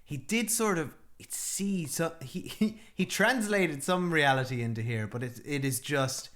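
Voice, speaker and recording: A man's voice: fairly high pitch, measured pace, fairly bright tone. A man co-hosting a podcast in casual chat, often repeating words as he thinks aloud. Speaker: podcast co-host. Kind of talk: casual film-review chat.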